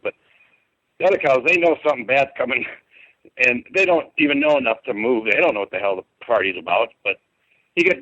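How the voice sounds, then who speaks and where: A man's voice: medium pitch, bright, forceful tone, dry recording. A middle-aged man, a podcast guest, telling a personal story in a rambling, colloquial and emphatic way over a phone call. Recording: tinny dry phone line.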